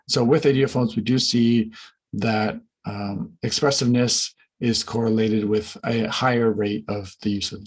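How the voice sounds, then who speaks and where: A man presenting research findings in an academic conference talk, measured and careful, with frequent fillers and restarts. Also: medium pitch, breathy edge, rough recording.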